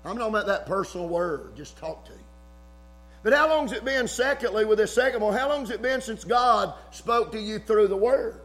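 Preacher man, high voice, gets loud and fired up then folksy, church sermon. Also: expressive, moderate pace. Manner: fervent, rising to shouts, folksy asides.

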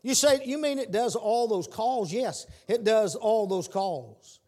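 A man preaching a sermon, repeating his words and building to shouted calls. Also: high voice, unhurried.

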